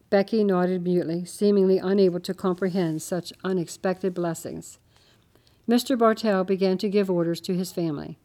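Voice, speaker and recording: A woman's voice: fairly low pitch, fairly even intonation, moderate pace, warm tone. A woman reading a Christmas story aloud, changing her voice slightly for each character. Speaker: narrator.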